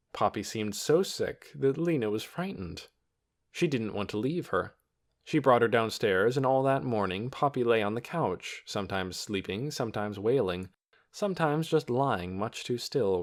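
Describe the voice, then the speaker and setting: Expressive male audiobook narrator. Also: lowish voice. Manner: expressive storytelling. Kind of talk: scripted narration.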